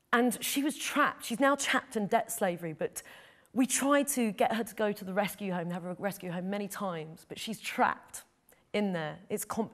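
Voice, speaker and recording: A middle-aged woman, a photojournalist, telling a personal story in an interview, earnest and heartfelt. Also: mid-range voice. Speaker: photojournalist guest.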